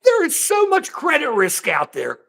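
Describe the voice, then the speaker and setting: Animated high-voiced older man ranting. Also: moderate pace, creaky. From United States. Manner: animated, rambling, addresses chat by name. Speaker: political livestream host. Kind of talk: heated political talk with chat.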